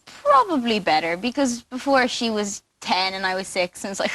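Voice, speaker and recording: A woman's voice: sits high, animated, brisk, fairly bright tone. A teenage girl chatting casually as an actress guest in a TV studio, giggly and talkative. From Ireland. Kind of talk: casual interview chat.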